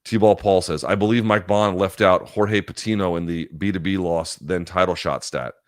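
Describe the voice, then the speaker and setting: A man's voice: low voice, fairly even intonation, moderate pace, no echo, clean studio sound. A man hosting a live chat stream, answering viewer questions in heated, profane rants full of fillers and restarts. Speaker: live chat show host.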